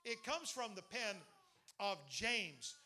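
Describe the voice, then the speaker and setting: Bright, high-voiced preaching pastor man. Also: slow, faint music behind. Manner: animated storytelling preacher, leads call-and-response. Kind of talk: sermon.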